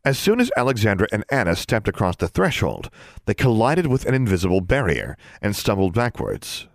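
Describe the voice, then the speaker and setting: A man narrating an audiobook in a steady storytelling manner. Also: lowish voice, brisk, dry recording, clean studio sound. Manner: steady storytelling, switches into character voices. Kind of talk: scripted narration.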